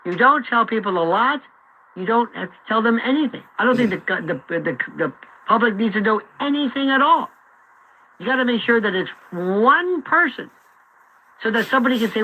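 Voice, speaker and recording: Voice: medium pitch, lively intonation, a little fast, bright, forceful tone, slight background noise, low-quality recording. A radio talk host giving opinionated commentary, talking emphatically and acting out imagined quotes.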